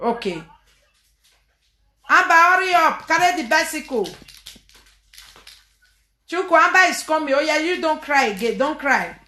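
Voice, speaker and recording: A woman talks in a high voice, taking her time over each phrase. She films a casual home vlog, coaxing and teasing with frequent laughter. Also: expressive, measured pace, long pauses, sharp tone, echoey room. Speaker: vlogger filming her family.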